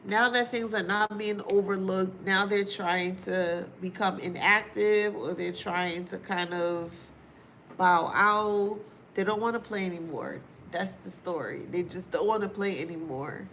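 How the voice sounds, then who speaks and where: A woman's voice: mid-range voice, steady tone, a bit bright, slight background noise. A woman giving a casual spiritual reading to her viewers, chatty and informal, repeating phrases for emphasis. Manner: chatty and informal, with drawn-out asides and frequent laughs. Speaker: astrology or tarot reader.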